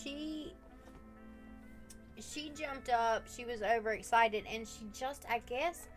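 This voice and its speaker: A woman casually chatting with her viewers on a live stream, teasing them playfully and laughing often. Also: a little high.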